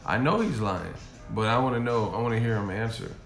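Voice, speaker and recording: A man's voice: fairly low pitch, animated, fairly quick, creaky, fairly bright tone, faint music behind. A man ranting on a stream in a profane, mocking way from a hotel room. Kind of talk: casual rant. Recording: echoey room.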